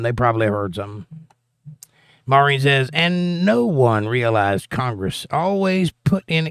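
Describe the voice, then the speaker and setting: A man's voice: medium pitch, clean tone, no room sound, clean studio sound. A man with a Southern accent hosting a casual political livestream, reading viewer comments aloud with wry, joking asides. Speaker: livestream host.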